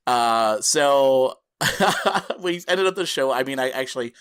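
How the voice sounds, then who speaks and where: Animated man telling a podcast story. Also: mid-range voice, slow pace, smooth. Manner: animated, acts out the people he quotes; laughs between phrases while telling a story. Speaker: podcast co-host.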